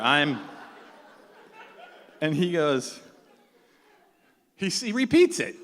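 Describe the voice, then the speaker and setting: A man's voice: fairly high pitch, slow pace, pauses often. Middle-aged man telling a comic story in a hall. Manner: animated, self-mocking, laughing at his own story. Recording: echoey hall, faint room noise.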